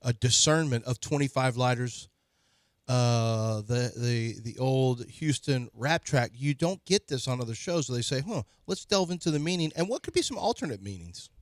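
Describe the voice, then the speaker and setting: A man's voice: mid-range voice, animated, normal speed, no room sound. A middle-aged man with an ordinary mid-range voice, co-hosting a sports radio show. He rambles playfully and speculates on tangents in casual studio banter. The mic sound is close and dry.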